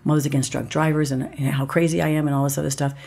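A woman's voice: sits low, flat delivery, quick pace, vocal fry, dark tone. A woman, a guest actress on a podcast, telling a personal story vividly, acting out the other voices and dropping to a whisper at times.

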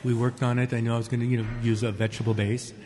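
A man's voice: mid-range voice, little pitch movement, very fast, dark tone. A man who runs a restaurant, chatting casually and easily about his menu. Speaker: restaurant owner. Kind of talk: casual chat. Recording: long reverb with crowd noise.

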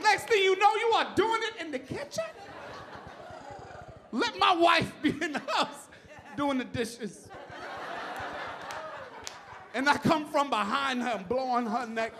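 A man doing a stand-up routine in a comedy club, loud and profane, telling stories in an exasperated way. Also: very high voice, unhurried, pauses often, background noise. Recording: live club with crowd laughter. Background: audience laughing.

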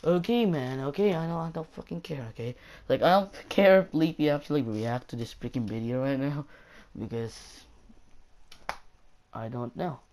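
A woman's voice: low voice, normal speed, warm tone, slight background noise. A woman ranting in a casual vlog, rambling and exasperated, packed with fillers and repetition. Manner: exasperated, mocking. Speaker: YouTuber.

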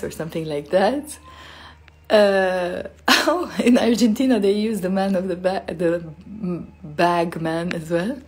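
A woman's voice: on the low side, fairly even intonation, measured pace, darkish tone. A woman giving a casual live-stream language lesson, chatty and full of fillers, acting out the sounds she teaches. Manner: chatty, filler-heavy, demonstrates sounds expressively.

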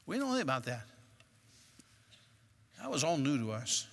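A man preaching a sermon as a personal story, moving between quiet recollection and loud, emphatic bursts. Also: a little high, sing-song, unhurried, gravelly, long reverb tail. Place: church sanctuary.

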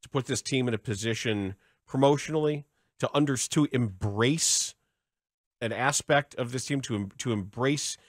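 A man's voice: mid-range voice, moderate pace, no room sound. A man co-hosting a sports talk radio show in a studio, sardonic and impassioned.

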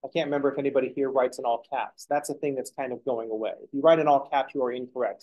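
A man's voice: medium pitch, quick pace, hardly any pauses, mellow, poor audio. A man teaching a calculus class, explaining steps and making joking asides to his students. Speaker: math lecturer. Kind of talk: classroom lecture.

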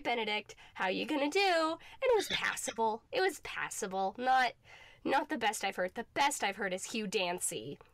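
A woman's voice: fairly high pitch, a bit bright, no echo. A woman co-hosting a podcast in casual chat, talking loosely with many filler words. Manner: chatty, lots of "like" fillers. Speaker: podcast co-host.

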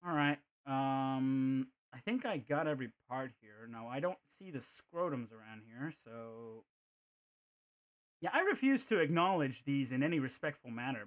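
A man's voice: medium pitch, fairly bright tone. A man streaming a video game, chatting casually and thinking aloud, with playful joking asides. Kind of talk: casual gameplay commentary.

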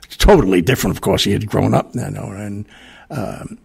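Gravelly older man rambling. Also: on the low side, fairly quick, a little mellow. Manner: rambling, full of fillers and asides. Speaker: podcast host. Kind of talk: casual storytelling monologue.

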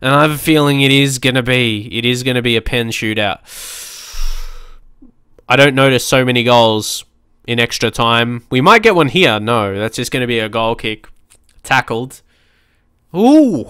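Excitable male gamer, smooth voice, dry close-mic sound, lively let's play commentary. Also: medium pitch, moderate pace, dry recording. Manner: excitable, shouting at the screen and swearing. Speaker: gaming YouTuber.

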